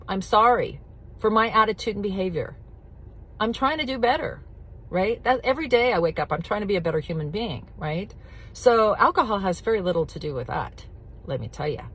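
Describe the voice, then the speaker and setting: A woman's voice: mid-range voice, breathy edge. A middle-aged woman coaching addiction recovery, talking bluntly and directly, with emphatic repetition and casual swearing. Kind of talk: casual teaching talk to camera.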